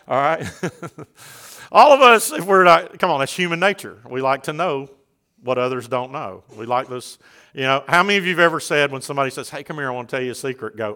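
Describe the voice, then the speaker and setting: A middle-aged man preaching a sermon in a church, folksy and joking with the congregation before building into loud, fervent preaching. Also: medium pitch, fairly quick. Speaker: pastor.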